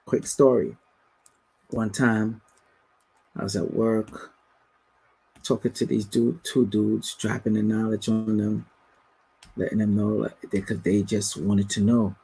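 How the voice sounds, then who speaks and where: A man's voice: on the low side, level tone, vocal fry, dark tone, slightly rough, rough recording. A man hosting a casual spiritual livestream, telling stories and reading viewer comments aloud. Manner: slow, storytelling, reads out viewer comments. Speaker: livestream host answering viewer questions.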